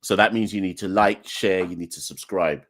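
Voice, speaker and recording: A man's voice: low voice, normal speed, a bit bright. A young man, hosting a live call-in podcast in a defiant, joking, ranting manner. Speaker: podcast host. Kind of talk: live call-in show chat.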